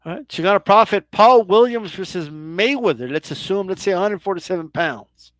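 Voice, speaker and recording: A man's voice: high-pitched, animated, brisk, fairly bright tone, no room sound. A man hosting a casual live stream, reading viewer questions and teasing his guest. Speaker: host.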